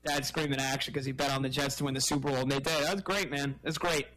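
A man's voice: mid-range voice, fast, rough recording. A man hosting a sports talk radio show, chatting energetically and taking calls from listeners. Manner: energetic, conversational.

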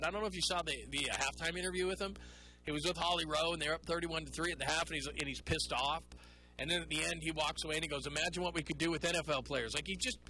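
A man hosting a call-in sports radio show, talking in an animated, rambling way and mocking people in put-on voices. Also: high-pitched, low-quality recording.

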